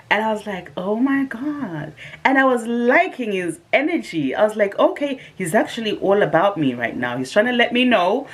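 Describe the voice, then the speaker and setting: A woman with a British accent, vlogging as she tells a dating story in a casual, animated way, acting out what people said. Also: medium pitch, moderate pace, husky. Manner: animated, dramatic retelling with quoted asides.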